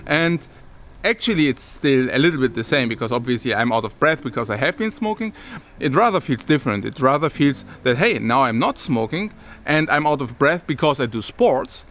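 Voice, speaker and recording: A man's voice: medium pitch, fairly bright tone, a little hiss or hum. A man talking casually to his viewers as a vlogger, rambling and restarting his sentences, with occasional chuckles. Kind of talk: casual talk to camera.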